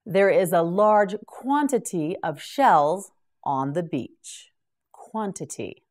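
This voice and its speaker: A woman leads a beginner English drill, sounding each word out with great care and repeating it for the learner. Her voice sits somewhat low, but her pitch rises and falls widely as she speaks. She takes her time over every word. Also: very animated, takes it slowly, a little mellow. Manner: carefully enunciated, repeats each word for the listener. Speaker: English teacher. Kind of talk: slow vocabulary drill for beginners.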